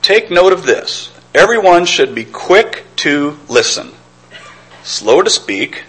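Husky-voiced man preaching a sermon. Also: a little high, sing-song, slow, fairly bright tone, poor audio. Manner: earnest, reflective, with stammered restarts.

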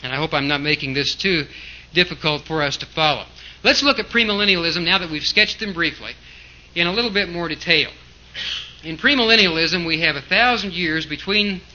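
A man with a high, very bright voice delivers an explanatory sermon, pressing each point with emphasis and asking questions of his listeners. The recording is dull and lo-fi. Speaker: preacher. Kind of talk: sermon lecture on scripture.

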